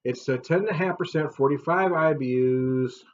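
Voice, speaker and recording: A man's voice: moderate pace, muffled recording. Jokey, laughing beer-review vlogger man. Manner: chatty and jokey, laughs often, swings up loud and high. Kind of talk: casual beer review vlog.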